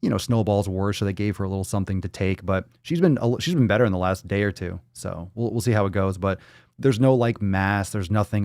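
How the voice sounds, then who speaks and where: At home, a man hosts a casual livestream podcast, speaking loosely, swearing freely, and reading chat comments aloud. His lowish voice is fast and a little mellow, recorded in studio quality with no room sound.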